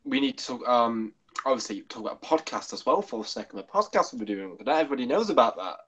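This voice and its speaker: A man co-hosting a casual livestream, excitable and rambling, often restarting his sentences. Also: medium pitch, fast talker, slightly rough. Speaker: livestream co-host.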